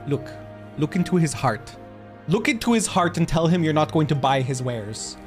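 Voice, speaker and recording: A man chatting casually on a live stream while gaming, excitable and quick to laugh. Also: on the high side, soft background music.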